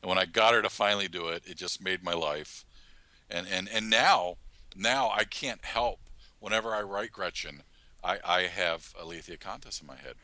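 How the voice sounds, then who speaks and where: A man who writes an audio drama, chatting on a podcast in a halting, self-mocking way and laughing often mid-sentence. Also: low voice, sharp tone, no room sound. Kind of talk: casual podcast chat.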